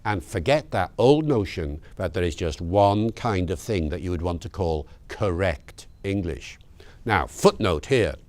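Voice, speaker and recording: Lively older man lecturing teachers. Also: sits low, a little slow. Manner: lively, conversational, emphatic with asides. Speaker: linguist speaking to teachers. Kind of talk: lecture-style talk to teachers.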